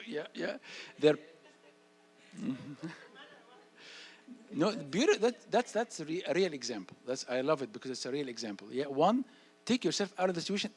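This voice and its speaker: A man speaks to parents in a church hall as a guest speaker. His voice sits a touch higher than most men's. He talks with lively energy, acting out short exchanges and hammering phrases home through repetition. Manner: animated, acts out dialogue, repeats phrases. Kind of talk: parenting talk answering audience questions.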